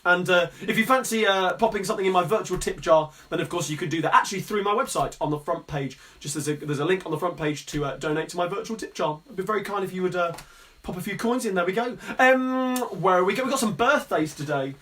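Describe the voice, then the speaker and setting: A man's voice: high-pitched, fast, a bit bright, slight background noise. A man hosting a live-streamed sing-along from his music room at home, chatting in a friendly, rambling way between songs. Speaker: sing-along host and performer. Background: guitar playing.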